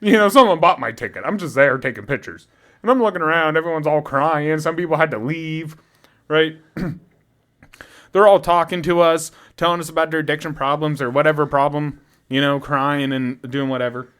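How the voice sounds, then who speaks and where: A man's voice: on the high side, normal speed. A young man co-hosting a podcast, telling a story in casual chat, laughing often and swearing freely. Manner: animated, swearing, laughs often, loud when imitating a drunk fan. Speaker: podcast co-host.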